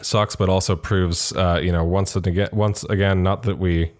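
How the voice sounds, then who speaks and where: Low-voiced man ranting casually. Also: fairly even intonation, normal speed, a little mellow. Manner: rambling, lots of fillers and swearing. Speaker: podcast co-host. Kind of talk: casual political chat.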